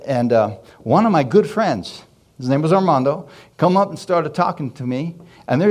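A man's voice: mid-range voice, a little mellow. A man telling a personal story in a church sermon, stopping often to ask the congregation questions and chuckling as he goes. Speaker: preacher giving testimony. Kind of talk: sermon testimony.

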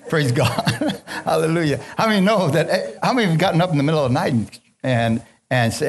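A man's voice: fairly high pitch, expressive, a little fast, husky. A man preaching, leading prayer and call-and-response, reading scripture aloud and commenting on it, and chuckling while he tells a story.

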